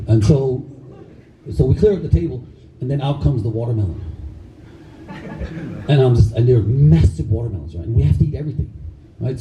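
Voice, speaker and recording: A middle-aged man who is a karate instructor, telling animated stories to a live audience, laughing often and acting out the people he quotes. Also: mid-range voice, slight background noise. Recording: echoey room, voice far from mic.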